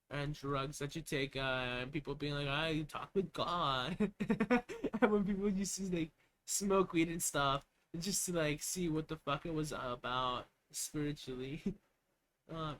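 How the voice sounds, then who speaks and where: A man's voice: a little high, fairly bright tone, slight background noise, rough recording. Young man streaming, laughing asides. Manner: reads an article aloud, breaking off with laughing, swearing asides. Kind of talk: casual live-stream commentary.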